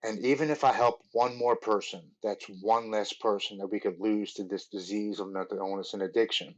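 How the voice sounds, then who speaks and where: A man in his forties with a lowish voice shares his story as a podcast guest. He talks earnestly and in a rambling way, full of "like" and restarts. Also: fairly even intonation, fairly quick, dull audio. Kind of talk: telling his recovery story.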